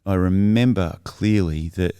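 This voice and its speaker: A man's voice: low voice, unhurried, warm tone, smooth, dry recording, studio quality. A man as a podcast guest, earnestly telling his life story in a thoughtful, reflective way that is often self-correcting.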